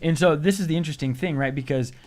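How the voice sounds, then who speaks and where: A young adult man co-hosting a casual comedic podcast, joking and animated. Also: a little high. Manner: jokey, animated, drawn-out phrasing when joking. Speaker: podcast co-host.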